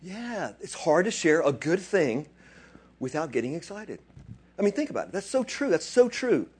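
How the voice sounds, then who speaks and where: A man preaching a sermon, dropping to quiet asides and then rising into loud, excited bursts. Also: fairly high pitch, normal speed, slightly rough. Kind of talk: animated sermon.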